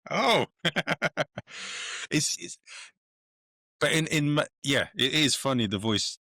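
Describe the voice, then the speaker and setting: Male podcast host, enthusiastic and rambling, bright forceful voice. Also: fairly high pitch, animated, takes it slowly, no echo, studio quality. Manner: enthusiastic, rambling, many restarts. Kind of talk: casual interview chat.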